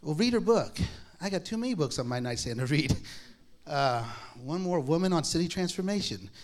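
A man's voice: a little high, expressive, brisk. Storytelling man with a raised voice. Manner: conversational, self-deprecating, acts out quoted dialogue; frequent restarts and laughs. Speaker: speaker sharing a personal testimony. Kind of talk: sermon-style personal storytelling.

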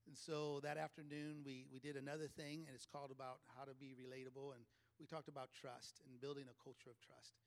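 A man's voice: medium pitch, level tone, quick pace. A man, a leadership coach, telling a chatty story to a live audience and laughing often between phrases.

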